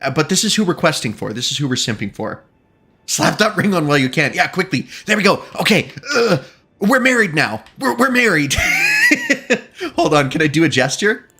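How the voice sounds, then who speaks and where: A man's voice: a little high, wildly swooping pitch, moderate pace, sharp tone, slightly rough. A man streaming a video game, chatting casually and joking with his viewers, often breaking into laughter. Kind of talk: casual gaming commentary.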